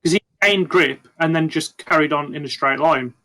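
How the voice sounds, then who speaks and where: A man's voice: fairly high pitch, moderate pace, sharp tone, rough recording. A man co-hosting a podcast, giving his opinions casually and laying out what should have happened. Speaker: podcast co-host. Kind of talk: casual chat.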